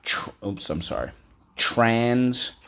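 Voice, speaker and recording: A man teaching a vocabulary lesson from home, repeating words slowly for students to echo. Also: low-pitched. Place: home room.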